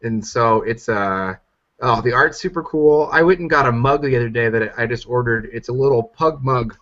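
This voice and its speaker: A man's voice: medium pitch, normal speed, a bit bright. A man co-hosting a podcast, chatting keenly about a game with lots of "like" and "um". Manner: enthusiastic, heavy use of filler "like". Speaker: podcast co-host. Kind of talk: casual chat. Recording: dull lo-fi podcast audio.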